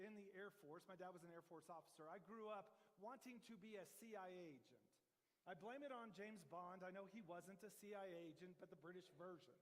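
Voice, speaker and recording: A man's voice: high voice, in a large hall. A man preaching a sermon as pastor, in a conversational, joking storytelling manner. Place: church sanctuary.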